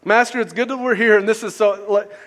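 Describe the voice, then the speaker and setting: A man voicing a frightened male disciple who blurts out eager, stammering ideas, pitched higher and louder than his own preaching voice. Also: steady tone, fairly quick. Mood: flustered eager.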